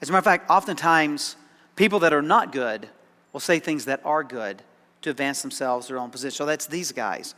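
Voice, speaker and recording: A man's voice: fairly high pitch, brisk, pushed and bright, in a large hall. A man preaching a sermon as pastor, conversational and dryly sarcastic, often repeating words as he starts a thought. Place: church sanctuary.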